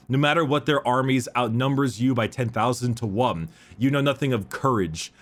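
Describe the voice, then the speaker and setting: A man reading out the speech of a wrathful enslaved warlord, slow and accusing. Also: medium pitch, natural voice. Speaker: reading a dramatic quote.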